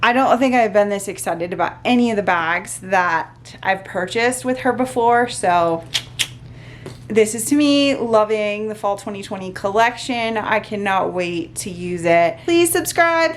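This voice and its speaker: A woman vlogging a casual unboxing, gushing and excitable, often talking to herself. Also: a little high, unhurried, noisy background.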